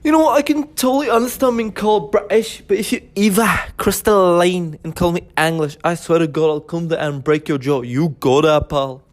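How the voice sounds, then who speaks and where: Guy doing a scottish hothead, high and fierce. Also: a little fast, hardly any pauses, close to an everyday voice. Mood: angry. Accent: put-on Scottish. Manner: fierce, threatening rant. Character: hot-tempered Scottish man, threatening.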